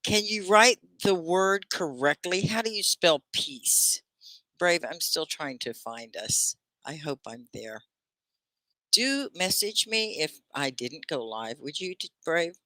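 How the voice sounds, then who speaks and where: An older woman teaching English on a live stream, chatty and animated, asking her viewers one question after another and reading out their comments. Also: on the low side, slow pace, no echo. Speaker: ESL teacher.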